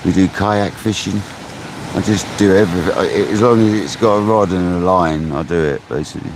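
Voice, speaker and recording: A man's voice: low voice, a little fast. A man fishing on a live stream, chatting casually with viewers in a laid-back way, laughing often and calling people mate. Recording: outdoor mic with loud surf noise. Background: ocean waves.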